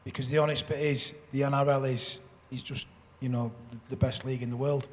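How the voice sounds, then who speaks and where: A man's voice: medium pitch, level tone, fairly quick. A man speaking as a panel guest in a live stage conversation, rambling and restarting often, repeating his words. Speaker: panel guest, former rugby league player. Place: festival stage in a hall. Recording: long hall reverb.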